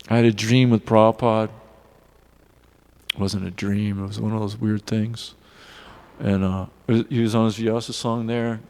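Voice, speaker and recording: A man giving a devotional class in a temple hall, telling personal stories in an earnest, animated way. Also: on the low side, creaky. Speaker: class speaker. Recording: long reverb of a hall.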